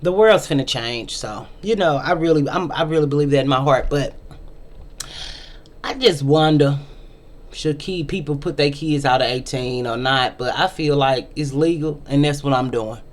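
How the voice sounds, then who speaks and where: A woman's voice: low-pitched, moderate pace. Emphatic middle-aged woman vlogger ranting. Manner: emphatic, ranting, repeats lines for effect. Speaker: vlog host. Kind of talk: opinion vlog monologue.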